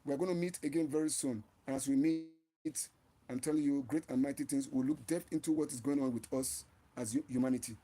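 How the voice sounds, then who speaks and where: A man's voice: medium pitch, steady tone, a little fast, dark tone. A man hosting his own channel, giving an impassioned, preachy live-stream talk and often repeating and restarting his phrases. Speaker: channel host.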